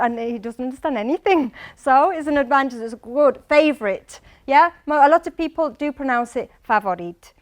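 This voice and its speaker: Female English teacher with a Mancunian accent and a high voice. Animated lecture delivery that calls on students by name. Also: moderate pace, hardly any pauses. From England, Manchester. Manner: animated, quizzes the audience by name. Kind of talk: lively classroom lecture. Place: lecture hall.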